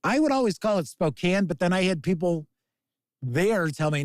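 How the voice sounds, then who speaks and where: A man's voice: sits high, expressive, a little fast, no echo. A man in his fifties, hosting a casual live-stream chat, rambling and reading out viewer comments. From American. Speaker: podcast host reading chat.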